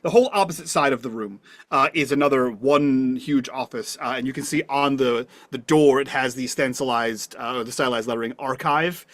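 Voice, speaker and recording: A man running a tabletop game, describing the scene in a loose, rambling way with lots of "um" and "like". His voice is mid-pitched and sounds dry and close. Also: brisk, few pauses, fairly bright tone, no room sound. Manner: rambling, full of fillers and restarts. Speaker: game master.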